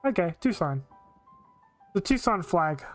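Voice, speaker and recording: A woman's voice: on the low side, sing-song, measured pace, faint music behind. A woman streaming live, giving blunt, opinionated casual commentary with frequent filler words.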